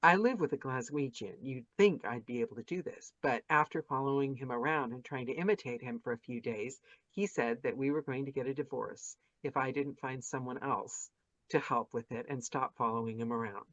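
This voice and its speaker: Her pitch is extremely low and her pace brisk as she interviews narrators for her podcast over a video call. She's chatty and effusive, gushing and starting sentences over, and the dull lo-fi call audio is dry.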